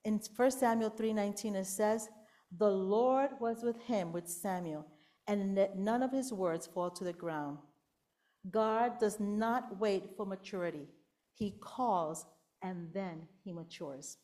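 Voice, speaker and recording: A woman's voice: mid-range voice, takes it slowly. A middle-aged woman giving a sermon to a congregation, telling a Bible story and acting out the quotes, sometimes dropping to a whisper. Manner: storytelling with acted-out quotes, whispering to show how softly God speaks. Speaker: preacher.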